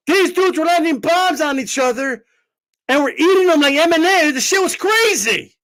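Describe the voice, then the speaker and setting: A man with a strikingly high voice rants about boxing on a livestream, brash and profane. His pitch leaps up and down as he mocks commenters in his casual style. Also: animated, normal speed, fairly bright tone. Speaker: boxing channel host. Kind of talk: animated livestream rant.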